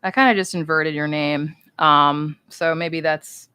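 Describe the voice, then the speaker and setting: A woman's voice: deep voice, fairly even intonation, measured pace, bright, forceful tone, clear, resonant tone, dry recording. A woman chatting casually and playfully on a livestream as she signs cards, rambling as she writes. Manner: chatty, rambling, talks while writing; playful and upbeat. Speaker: voice actress signing cards on a livestream.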